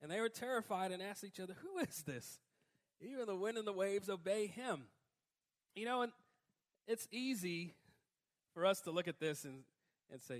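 A man preaching a sermon in a conversational way, breaking into emphatic, louder outbursts. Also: high-pitched, animated, normal speed, pauses often. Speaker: pastor.

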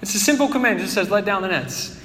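A man's voice: high voice, lively intonation, fast, a bit bright. A man preaching a sermon as a pastor, in a conversational way, and he acts out the voices of his listeners. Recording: echoey hall with long reverb.

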